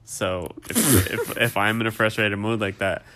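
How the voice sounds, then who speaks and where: Calm deep-voiced man, gravelly. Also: unhurried, slight background noise. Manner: calm, laid-back, easygoing. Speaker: podcast co-host. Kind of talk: casual couple chat.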